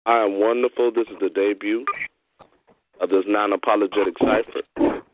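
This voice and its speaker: A man's voice: lowish voice, fairly even intonation, normal speed, heavy background noise. Effusive man hosting over a phone line. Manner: effusive, repetitive praise. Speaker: host. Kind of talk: casual chat.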